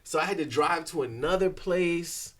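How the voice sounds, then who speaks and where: Animated storytelling man, fairly high voice. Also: normal speed. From Haitian family. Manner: animated storyteller, acts out exchanges with lively shifts in pitch. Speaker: guest. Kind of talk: casual chat.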